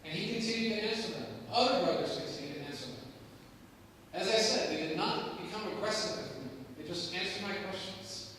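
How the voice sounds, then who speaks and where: Animated American man in an echoey hall. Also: sits high, a little fast, slight background noise. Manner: animated storytelling with sudden loud rises. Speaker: guest speaker. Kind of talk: personal testimony talk. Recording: echoey hall, distant mic.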